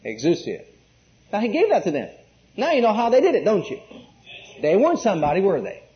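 A man's voice: high voice, huge pitch swings, fairly quick. A man preaching an emphatic sermon, asking the congregation questions and repeating key words. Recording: muffled lo-fi recording.

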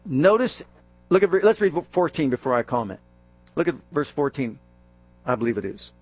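A man preaching a sermon, reading scripture aloud and calling out questions to the congregation, stressing key words and dropping low for emphasis. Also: very animated, moderate pace, darkish tone. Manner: calls out questions to the congregation and answers them.

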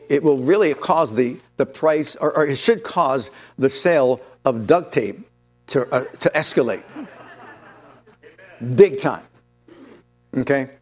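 A man preaching a sermon, reading scripture slowly and solemnly, then speeding up to press his points with urgency. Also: medium pitch, a little mellow. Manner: emphatic, swings between slow solemn reading and fast urgent preaching.

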